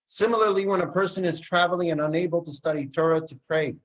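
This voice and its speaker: A man, likely a rabbi, giving a sermon and telling a story, acting out the characters' dialogue with lively expression. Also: fairly high pitch, quick pace, poor audio. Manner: animated storyteller who acts out the dialogue.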